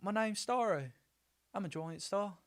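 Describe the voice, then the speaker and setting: A man's voice: sits high, expressive, measured pace, voice pushed up. A man putting on a friendly male rock creature, an easygoing leader, in an attempted New Zealand accent, loosely and casually. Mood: laid-back. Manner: loose, laid-back, amateur impression.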